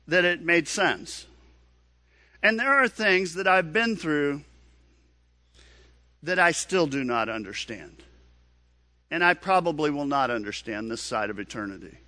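A pastor preaching a sermon in an earnest, questioning manner, often repeating words. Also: male voice, fairly high pitch, lively intonation, measured pace, pauses often, sharp tone, no room sound, clean studio sound.

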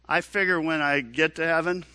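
A pastor preaching a sermon in an earnest, questioning manner, often repeating words. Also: male voice, on the high side, pushed and bright, clear, resonant tone, no echo, clean studio sound.

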